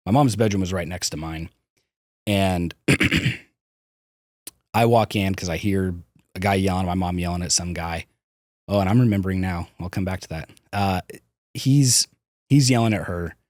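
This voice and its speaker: In clean studio sound without echo, a low-voiced man with a darkish tone speaks at a moderate pace and pauses often. He is a podcast guest telling frank personal stories about his childhood, full of swearing and hesitant restarts.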